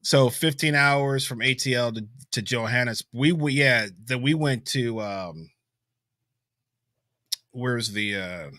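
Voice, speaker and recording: A man co-hosting a casual podcast, talking in a relaxed, rambling way with many fillers. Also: medium pitch, slow pace, no echo, studio quality. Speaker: podcast co-host, musician. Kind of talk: casual chat.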